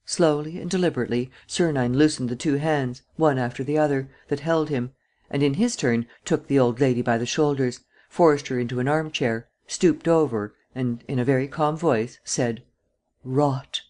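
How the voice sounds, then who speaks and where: A man narrating a classic novel as an audiobook in a steady, even way. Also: mid-range voice, moderate pace.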